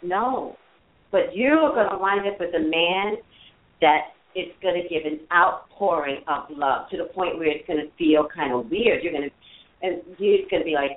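An emphatic woman gives a live psychic reading, pressing her points with lively conviction. Her voice sits a little low, and the audio is narrow like a phone line. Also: moderate pace. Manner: emphatic, animated, swears casually. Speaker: psychic reader.

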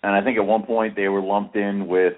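A man's voice: lowish voice, little pitch movement, a little fast. A man co-hosting a podcast in casual chat, rambling and self-deprecating, with casual swearing. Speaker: podcast co-host. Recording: tinny phone-like audio.

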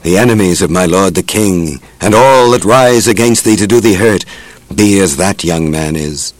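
A man's voice: low voice, moderate pace, no room sound, natural voice, rough recording. A man voicing a servant who formally announces news to the king, read in a solemn scriptural style.

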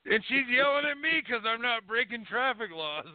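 A man's voice: very high voice, slight background noise. Heated cursing man, thin phone-like sound. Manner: profane, heated storyteller. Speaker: podcast co-host. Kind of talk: casual chat. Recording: dry, phone-like tinny audio.

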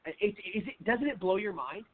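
A man hosting a political talk show, sounding indignant and stumbling through fillers. His voice sits a little high for a man, and it comes over a thin, phone-like line. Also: lively intonation, normal speed.

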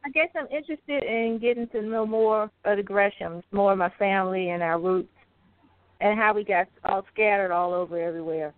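A woman calls in and talks about herself in a relaxed, thoughtful way. Her voice is in an ordinary middle range. It sounds thin and tinny over the phone. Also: medium pitch, normal speed. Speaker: caller. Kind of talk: casual introduction on a call. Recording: tinny phone-line audio.

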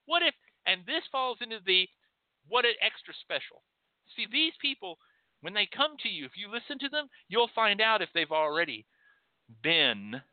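Animated Texan man on a tinny line. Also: dry recording. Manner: animated, acts out pleading clients in a high voice; profane and blunt. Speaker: host. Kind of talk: spoken teaching monologue. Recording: dry, tinny phone-like sound.

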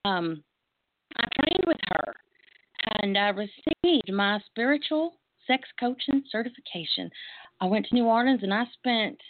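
A woman's voice: fairly high pitch, lively intonation, unhurried. Texan lady hosting a chill chat, laughs a lot, sounds like a phone line. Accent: Texas Southern. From Texas. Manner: warm, chatty, laughs easily. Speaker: host. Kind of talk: casual chat.

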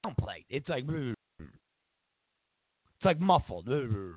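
A man hosting a show, giving an opinionated political commentary as a mocking, animated rant. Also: mid-range voice, extremely slow, husky, no echo. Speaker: show host. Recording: tinny phone-like dry audio.

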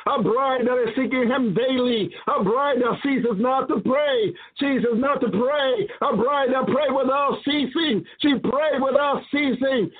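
A man preaching a prophetic sermon, fervent and repetitive, with frequent hallelujahs and praise. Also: very high-pitched. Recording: tinny phone-like audio.

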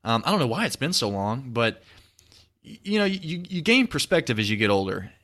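A man's voice: mid-range voice, sing-song, fairly quick, a bit bright. A man in his twenties hosting a podcast, chatting casually in a rambling, reflective way with many restarts. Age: 20s. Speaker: podcast host. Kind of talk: casual chat.

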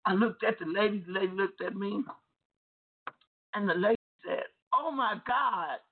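Gravelly preacher telling a deliverance story. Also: mid-range voice, steady tone, moderate pace, slight background noise. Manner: repetitive, emphatic storytelling with restarts. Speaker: deliverance minister. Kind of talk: testimony preaching. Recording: tinny phone-like lo-fi sound.

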